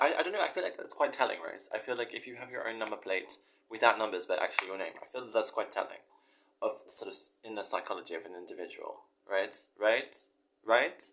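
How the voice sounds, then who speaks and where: A professor who is also a musician rambles casually and reads his own story aloud, mocking himself, swearing freely, and laughing at himself. His voice is fairly low in pitch, with a bright, forceful tone.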